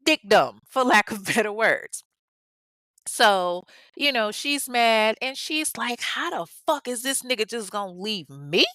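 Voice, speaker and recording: A woman's voice: medium pitch, sharp tone, clear, resonant tone, no room sound. A woman casually telling a crime story in a sassy, profane way, talking straight to her listeners. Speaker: podcast host.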